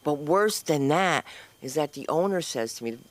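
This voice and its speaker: A woman's voice: low voice, animated, moderate pace, no echo. A woman hosting an open mic at a comedy club, doing brash, chatty stand-up and teasing the audience. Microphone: handheld microphone.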